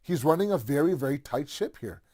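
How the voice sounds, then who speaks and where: A man's voice: fairly high pitch, animated, a little fast, dark tone. A man telling a religious story in a casual, conversational way, with many fillers and asides.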